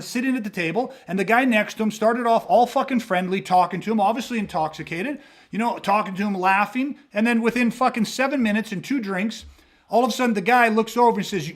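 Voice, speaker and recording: A man with a noticeably high voice talks through a casual podcast monologue as a self-defense instructor. He swears freely and tells his stories with animation, acting out the people in them. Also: quick pace. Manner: profane, animated storyteller acting out quoted voices.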